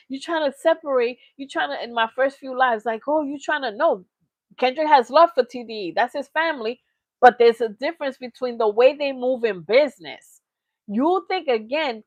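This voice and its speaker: A woman hosting a reaction channel, giving blunt, animated commentary and reading her live chat, laughing often. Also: sits high, no room sound. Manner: animated, blunt, laughs often, lots of "you know what I'm saying".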